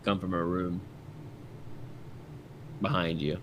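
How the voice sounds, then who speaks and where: Deep-voiced man running a tabletop game. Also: level tone, slow, noisy background. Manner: casual, rambling with many fillers. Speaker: game master.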